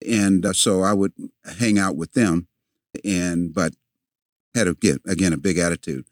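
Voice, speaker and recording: Deep-voiced man telling a story. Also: normal speed, dry recording, studio quality. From a city, with family in the American South. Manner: animated storyteller, acts out quotes, repeats words as he goes. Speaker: guest. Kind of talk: storytelling in a conversation.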